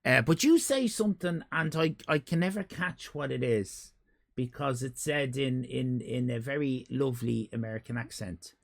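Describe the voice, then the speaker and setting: An Irish man with a medium-pitched, creaky voice talks at a normal speed, sounding animated. He's chatting casually with his live-stream audience, rambling, cracking jokes, and calling out viewers by name.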